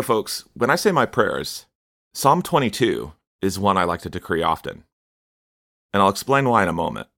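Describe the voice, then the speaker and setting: Male preacher, deep low voice, casual fillers, dry close recording. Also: creaky, a bit bright, no room sound. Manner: conversational, frequent "you know" fillers. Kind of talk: sermon.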